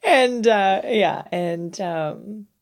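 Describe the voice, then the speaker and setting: Lively, giggly young woman co-host. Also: medium pitch, drawn-out words, creaky. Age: young adult. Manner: giggly, laughs through her stories; swears freely, uses cringe as a verdict. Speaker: podcast co-host. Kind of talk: casual chat.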